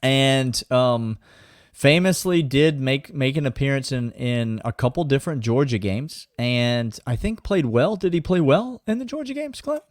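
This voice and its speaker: A man's voice: medium pitch, expressive, unhurried, dry recording, studio quality. A man co-hosting a sports podcast, sarcastic and mock-serious. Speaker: podcast co-host. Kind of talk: casual sports chat.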